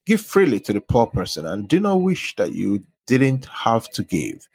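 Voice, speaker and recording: A man's voice: mid-range voice, wildly swooping pitch, moderate pace, gravelly, a little mellow, breathy edge, no room sound. A man reading Bible verses aloud, announcing each book and verse before reading it with emphasis. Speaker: scripture reader.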